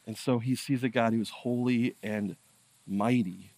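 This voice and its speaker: A man's voice: medium pitch, fairly even intonation, unhurried, a little mellow. Casual conversational male preacher. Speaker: pastor. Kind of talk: sermon.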